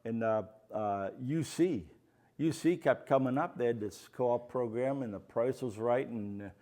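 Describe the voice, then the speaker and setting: A man's voice: mid-range voice, a little slow, warm tone. An older man from the Pittsburgh area, speaking as the featured artist at a gallery talk and telling rambling, anecdotal stories to an audience, with many "you know" fillers. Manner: acts out quoted voices in his stories. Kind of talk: storytelling at a live artist talk. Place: art gallery, before an audience.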